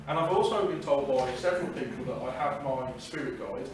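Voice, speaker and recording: The man's medium-pitched voice is expressive and fast, with hardly any pauses, as he chats casually to a live audience about paranormal investigating, dropping ums and self-deprecating remarks. A distant clip-on mic in a very echoey hall makes the sound noisy.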